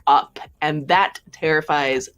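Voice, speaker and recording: A woman's voice: deep voice, steady tone, slow pace, a bit bright, clean tone. A woman giving sassy, sarcastic commentary on a casual livestream, swearing freely. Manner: sassy, profane, sarcastic asides. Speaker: commentary vlogger.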